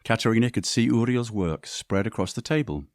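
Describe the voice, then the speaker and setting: A man reading scripted story narration in a descriptive, measured way. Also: mid-range voice, a little mellow, no room sound, clean studio sound.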